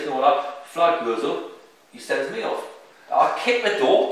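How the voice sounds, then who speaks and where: A man's voice: medium pitch, animated, normal speed. A man with a very strong accent, a football manager telling rambling, self-mocking anecdotes in casual chat, recorded from a distance in an echoey room.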